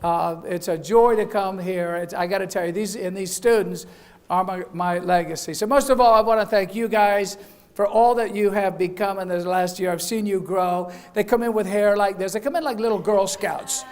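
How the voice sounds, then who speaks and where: A man's voice: sits high, fairly even intonation, normal speed, darkish tone. A middle-aged man, founder of a beauty school, giving a chatty graduation speech, cracking jokes and laughing at them, sometimes acting out quoted voices. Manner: chatty, jokey, laughs at his own jokes. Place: event hall.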